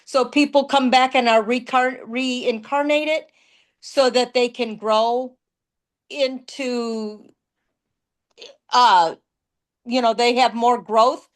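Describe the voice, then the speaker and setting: A woman hosting a podcast, asking a question in a halting way and searching for words. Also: a little high, steady tone. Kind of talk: interview questions.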